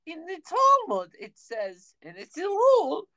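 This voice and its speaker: Man playing a lecturing old rabbi, raised pitch, lively and swooping, dry close sound. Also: a little slow, dry recording, full character voice. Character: blunt older male Orthodox rabbi.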